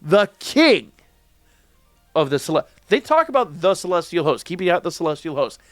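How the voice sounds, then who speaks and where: A man hosting a casual manga reaction review, excitable, slangy and emphatic. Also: high voice, moderate pace, no echo, studio quality, soft background music.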